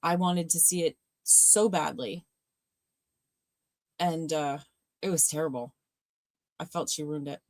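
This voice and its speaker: A woman's voice: deep voice, measured pace, pauses often, no echo. A woman co-hosting a livestreamed movie watch party, chatting casually, laughing often and trailing off mid-sentence. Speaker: livestream co-host.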